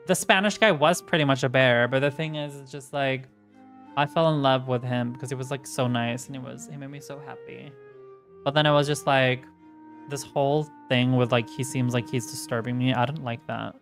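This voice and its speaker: A woman's voice: rumbling low, normal speed. Ranting woman livestreamer. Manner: ranting, swearing, reacting to chat; animated, voice jumps up when worked up. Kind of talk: casual chat while streaming. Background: faint music.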